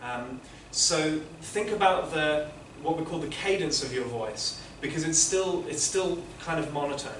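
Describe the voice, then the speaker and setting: A man's voice: fairly high pitch, expressive, measured pace, few pauses, a bit bright, slight background noise. A man teaching interpreting, giving patient, explanatory feedback to students in a classroom. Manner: patient, explanatory, many restarts. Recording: echoey classroom from far off.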